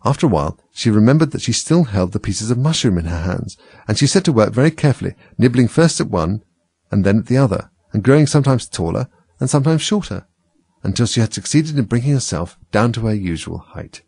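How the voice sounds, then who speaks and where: Gravelly man reading a storybook. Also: lowish voice, a little fast, dry recording. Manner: expressive, animated reading. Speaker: audiobook reader. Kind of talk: storybook narration.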